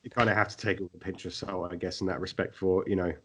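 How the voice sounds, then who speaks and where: Lively man reviewing TV. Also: low-pitched, fast, slightly rough. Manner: animated, many fillers and restarts. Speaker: podcast co-host. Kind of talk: casual TV review chat.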